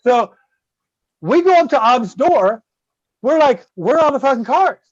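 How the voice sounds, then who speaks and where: Guest-hosting a podcast, a man with a very high, sing-song voice tells a long, rambling, profane story at a measured pace, constantly checking in with "right?" The close-mic recording sounds dull and dry.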